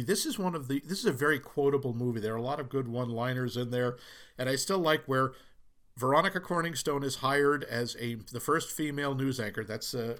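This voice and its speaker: A man's voice: mid-range voice, a bit bright. A middle-aged man from the Boston area, co-hosting a casual movie talk and often quoting lines in put-on voices. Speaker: podcast co-host.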